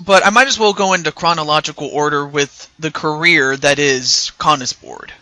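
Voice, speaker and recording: A man's voice: a little high, moderate pace, sharp tone, no room sound. An American man hosting a casual interview, talking hesitantly with many fillers and restarts. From United States. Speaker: interview host.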